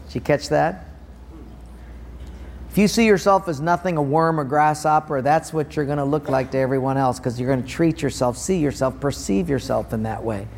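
A man's voice: a little high, moderate pace, darkish tone, a little hiss or hum. A man preaching a sermon, telling stories and acting out people's voices with big jumps in his tone. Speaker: pastor. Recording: long hall reverb.

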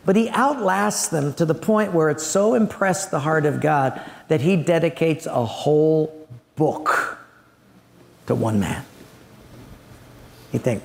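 Man, preacher, sermon, high voice, animated storyteller, long hall reverb. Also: slow, gravelly, pauses often, a little hiss or hum. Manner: animated storytelling, acting out scenes.

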